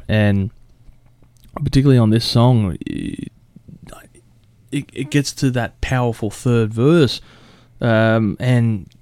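A man's voice: medium pitch, a little mellow, clean tone, dry recording. A man casually reacting to a song cover, blunt and swearing often, with short laughs. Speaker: music reaction host.

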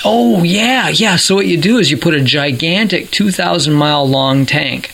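A man's voice: fairly high pitch, normal speed, gravelly, a bit bright, rough recording. A man co-hosting a podcast in casual chat, chatty and laughing at his own stories. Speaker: podcast co-host.

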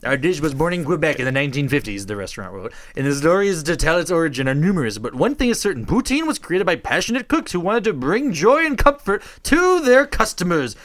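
A man co-hosting a casual podcast, chatting and reading news aloud with quick laughing asides. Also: on the high side, sing-song, fairly bright tone. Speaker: podcast co-host.

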